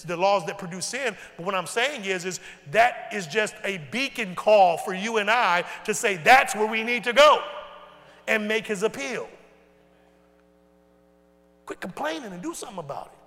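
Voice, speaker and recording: A male pastor preaching a sermon in casual, folksy speech, asking the congregation questions and swinging from loud to hushed. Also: sits high, lively intonation, normal speed. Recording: long reverb in a large hall.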